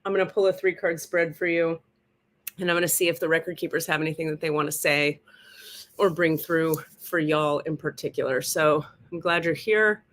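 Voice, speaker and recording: A woman's voice: deep voice, fairly even intonation, moderate pace, fairly bright tone, slight background noise. A woman from California hosting her own live stream, chatting casually in a playful, profane, self-mocking way from a rented home. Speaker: livestream spiritual host. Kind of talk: casual livestream chat.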